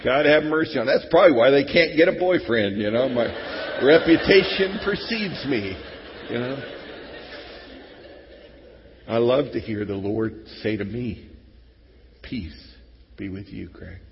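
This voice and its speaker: A middle-aged man preaching an Easter sermon to his congregation, talking conversationally and moving between hushed, intimate passages and loud exclamations. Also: medium pitch, animated, a little slow, background noise. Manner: conversational, swings from hushed to shouting. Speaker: pastor. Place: church sanctuary. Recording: dull lo-fi sound with long hall reverb.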